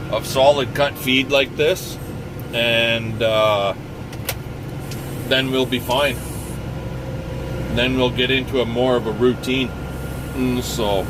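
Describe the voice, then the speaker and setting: This is a casual vlog from a farmer and channel host, talking at a medium pitch while moving about his farm and its machinery. His speech is unhurried and rambling, padded with stretched-out fillers. Engine noise and the outdoors come through clearly in the noisy recording.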